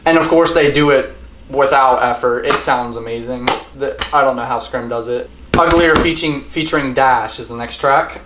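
A young man talks through an album track by track, rambling and repeating himself. He swears constantly in a casual, unscripted way. His voice sits at an ordinary pitch and carries a noticeable room echo. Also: a bit bright, slight background noise. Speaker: album reviewer. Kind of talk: casual music review monologue. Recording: roomy echo.

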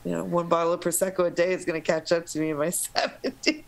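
A woman's voice: on the low side, fast talker, creaky, poor audio. An American woman, a podcast guest, telling stories in casual, profane chat. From United States. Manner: profane, animated storyteller. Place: lives in Paris suburbs.

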